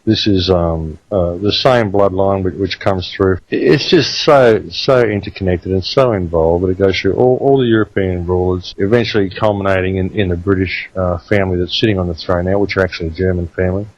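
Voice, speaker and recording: An Australian man hosts a talk radio show, addressing listeners directly with emphatic, repeated points. His voice sits fairly low and is recorded dry and close. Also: fairly quick, hardly any pauses, dry recording, dull audio.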